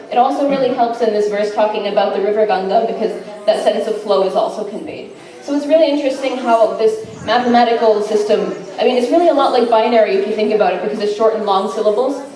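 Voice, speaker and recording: A woman's voice: fairly high pitch, dark tone. A woman giving an informal class presentation, enthusiastic and chatty, with frequent fillers. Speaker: student presenter. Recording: echoey room, mic far off.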